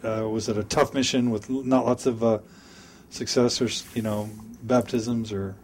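A man's voice: mid-range voice, fairly even intonation, moderate pace, a little mellow, slight background noise. A male interviewer asking casual questions, hesitating and rephrasing them several times.

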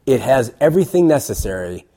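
A man's voice: medium pitch, big pitch swings, fairly quick, mellow. A middle-aged man who hosts a call-in show, talking bluntly and emphatically as an interview guest. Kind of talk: casual interview talk.

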